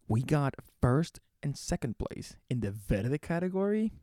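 A young man from the Philadelphia area who co-hosts the show, telling stories in an excitable, animated way, swearing and laughing as he goes. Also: on the high side, unhurried, creaky, few pauses, no room sound, studio quality. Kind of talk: casual storytelling chat.

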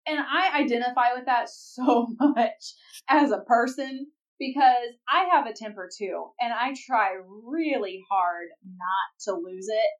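A woman's voice: on the high side, measured pace, distant mic, muffled recording. A woman co-hosting a podcast in casual chat, frank and opinionated, laughing as she quotes scenes. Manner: frank, opinionated, blunt wording, laughs while quoting. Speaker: podcast co-host.

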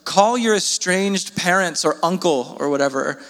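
A man delivers a sermon in an earnest, pleading way, his voice leaping upward as he presses each point. His voice sits a little high for a man. The sound hangs in the long reverb of a church hall. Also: measured pace, fairly bright tone. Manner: earnest, pleading, with sudden rises in pitch. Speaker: pastor.

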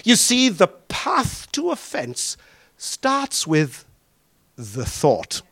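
Lively high-voiced man preaching a sermon. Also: breathy edge. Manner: animated, drawn-out emphatic phrasing with questions to the congregation.

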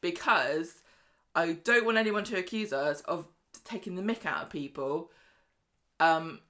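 A woman co-hosting a podcast, chatting and retelling soap episodes in an animated way. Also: lowish voice, unhurried. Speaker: podcast co-host. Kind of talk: casual chat recapping a soap.

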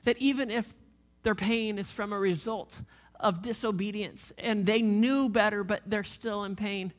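A man in his thirties preaching a sermon as a pastor, passionate and repetitive, dropping from loud emphasis to hushed near-whispers. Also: sits high, steady tone, a little slow.

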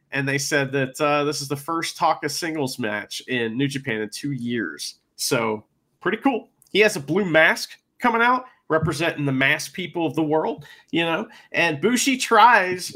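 A man co-hosting a podcast, recapping wrestling matches in casual chat, excitable and swearing freely. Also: fairly high pitch. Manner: excitable, swears a lot, plays out wrestlers' shouts. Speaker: podcast co-host.

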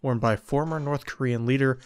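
A man's voice: medium pitch, steady tone, fairly quick, dry recording. A man co-hosting a podcast who reads looked-up trivia aloud in a matter-of-fact way, between casual remarks. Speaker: podcast co-host.

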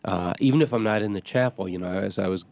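A middle-aged man, a parish priest hosting a show, talking casually in a halting way with many restarts and fillers. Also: on the low side, creaky, darkish tone, no room sound. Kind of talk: casual talk.

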